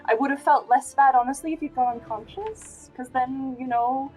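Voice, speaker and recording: A woman playing a tabletop game talks in a hesitant, apologetic way, stopping and starting. Her voice sits somewhat high, and faint music plays underneath. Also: moderate pace, darkish tone, poor audio. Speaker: player. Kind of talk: tabletop role-play.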